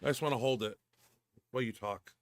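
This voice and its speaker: A man's voice: medium pitch, brisk, no room sound. A man hosting a powerlifting show, bantering casually with dry, teasing humor.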